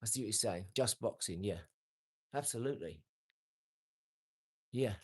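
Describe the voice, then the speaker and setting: A man's voice: lowish voice, animated, a little slow, breathy edge. A man, talking brashly and boastfully on his own live stream, answering comments. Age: 40s. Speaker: livestream host.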